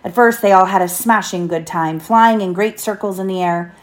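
A mother reads a children's storybook aloud at home, voice sitting at an ordinary middle pitch. She lifts her tone for the characters' lines and keeps the narration lively. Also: normal speed.

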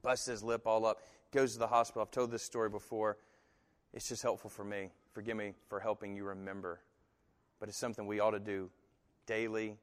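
A man preaching a sermon who tells stories in an animated way and slips into other people's voices when he quotes them. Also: lowish voice, long reverb tail. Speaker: pastor.

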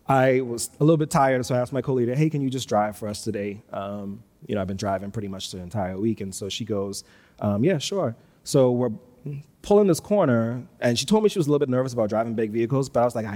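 A man's voice: medium pitch, darkish tone. Male preacher, live church sermon, reverberant hall, self-deprecating storyteller. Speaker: pastor. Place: church sanctuary.

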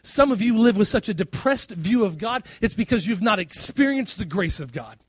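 High-voiced animated male preacher. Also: breathy edge, no echo. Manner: animated preaching, swings between loud emphasis and quiet asides; drawn-out emphatic phrases. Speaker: pastor. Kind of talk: sermon.

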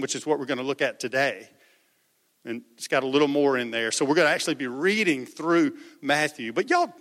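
A pastor with a fairly bright, somewhat high voice preaches a sermon conversationally, posing questions to the congregation and repeating words as he goes. The sound echoes through a hall.

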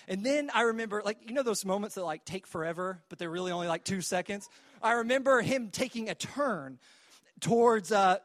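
A man's voice: high-pitched, fairly bright tone. A young man preaching, telling a childhood story in a conversational way full of fillers and restarts. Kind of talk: sermon storytelling.

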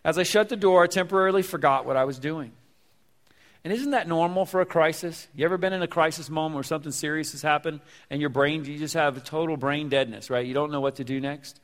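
A male pastor with a fairly high voice preaches in a casual, conversational way, stumbling over and repeating words and turning to the congregation with questions. His voice rings out with a long reverb, as in a church sanctuary. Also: quick pace. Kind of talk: sermon.

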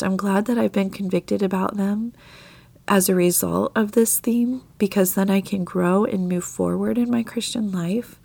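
Woman, scratchy gravelly voice, earnest devotional podcast talk, dry close sound. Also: mid-range voice, no echo. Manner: earnest, confessional, soft laughs. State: scratchy voice from tail end of an illness. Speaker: podcast host.

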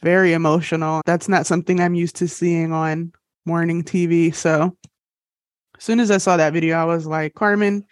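A woman's voice: lowish voice, little pitch movement, normal speed, no echo. Bubbly woman podcast host, dry sound. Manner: bubbly, laughs at own jokes. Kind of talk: casual podcast chat.

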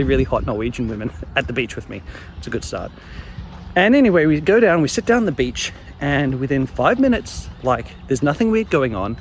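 A young man telling his own embarrassing stories in a casual, animated way, chuckling along as he goes. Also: mid-range voice, slight background noise. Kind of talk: casual storytelling monologue.

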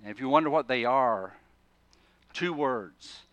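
A man preaching a sermon, telling the story with animated swings between quiet asides and loud, emphatic bursts, often restarting words mid-thought. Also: mid-range voice, unhurried, dry recording, lo-fi sound. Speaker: pastor.

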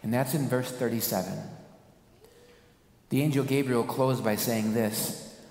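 A man, a pastor, preaching a sermon in a church with dramatic rhetorical questions and slow, emphatic stresses. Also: mid-range voice, fairly even intonation, creaky, a little mellow, echoey room, in a large hall.

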